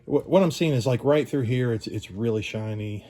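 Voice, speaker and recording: A man giving a casual workshop demonstration as a pinball restorer, thinking aloud in a loose, unhurried way. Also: medium pitch, mellow. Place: home workshop at a workbench.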